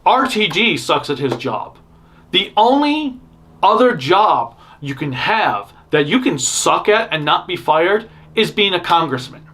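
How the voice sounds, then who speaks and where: A man with a high voice hosts a fan news show, his pitch swinging widely as he speaks at a measured pace in a pushed, bright tone. He rambles through blunt opinions in casual commentary, with frequent restarts and self-interruptions.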